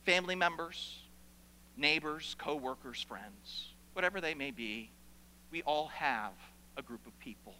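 A man preaching a sermon as pastor in a church, animated and playful with asides to the congregation. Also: on the high side, unhurried, a little hiss or hum. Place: church sanctuary. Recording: long hall reverb.

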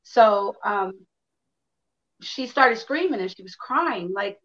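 A woman in her fifties, from Chicago, tells her own story with frank, lively delivery. She acts out what people said and swears freely. Her pitch sits in an ordinary middle range, and the recording sounds a little dull and lo-fi. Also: slow pace. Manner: candid, animated storytelling with acted-out quotes and swearing. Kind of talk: personal storytelling to an audience.

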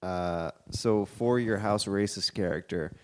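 A man with a somewhat low voice hosts a relaxed podcast conversation. He asks his guest questions in a halting way, with many restarts. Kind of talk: casual podcast chat.

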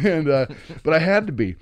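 A man in his thirties telling a wild story, animated and swearing, acting out what people said. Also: fairly high pitch, normal speed, no echo. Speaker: comedian guest. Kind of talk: casual storytelling. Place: studio.

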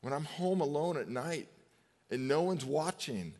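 A man in his fifties preaching a sermon as a pastor, conversational, telling personal stories and slowing down for emphatic pauses. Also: on the high side, expressive, a little mellow. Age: 50s. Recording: long hall reverb.

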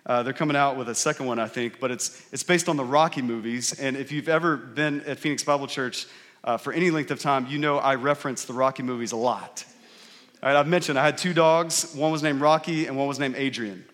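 A man's voice: mid-range voice, brisk, fairly bright tone. Earnest preacher man in a reverberant hall. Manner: conversational, earnest preaching with frequent rhetorical questions. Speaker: pastor. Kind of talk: sermon. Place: church sanctuary.

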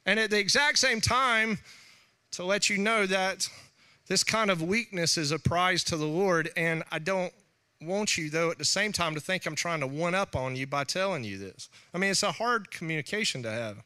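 A middle-aged man preaching a sermon, talking in an animated way with laughing asides and quoted voices. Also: high-pitched, moderate pace, clean tone. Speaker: pastor.

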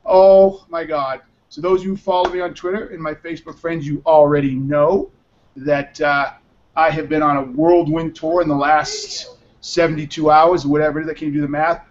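An exhausted man hosting a live talk show, his voice pitched fairly high for a man. He rambles and talks bluntly, swearing now and then. The sound is muffled and lo-fi. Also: fairly even intonation, fairly quick. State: exhausted from little sleep. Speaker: show host. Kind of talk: casual live-show chat. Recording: muffled lo-fi audio.

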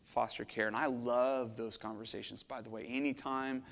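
A middle-aged man preaching a sermon as a pastor, earnest and emotional, swinging from hushed to intense. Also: medium pitch, steady tone, normal speed, vocal fry, in a large hall. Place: church sanctuary.

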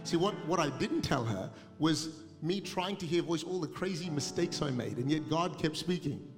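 A middle-aged male pastor telling a funny story in a sermon, animated and laughing as he goes, recorded live in a large church. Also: on the high side, normal speed. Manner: humorous, animated storytelling, laughing through anecdotes. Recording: live church recording with long reverb and music behind.

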